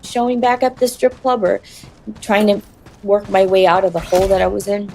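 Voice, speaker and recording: A woman telling her personal story in an interview, in a halting, confessional way. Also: medium pitch, flat delivery, warm tone, a little hiss or hum.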